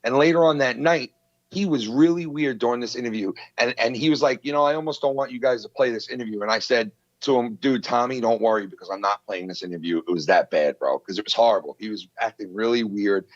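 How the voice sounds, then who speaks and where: A man, hosting a podcast and retelling a feud in a heated, profane, animated way. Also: medium pitch, fast, no room sound, muffled recording. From New York. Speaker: podcast host. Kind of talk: casual podcast storytelling.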